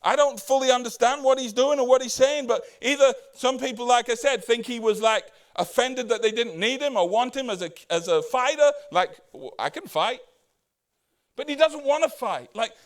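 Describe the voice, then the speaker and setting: A man preaching a conversational sermon as pastor, asking the congregation rhetorical questions and acting out the Bible characters' words. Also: very high voice. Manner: acts out the Bible characters' words in quick voices.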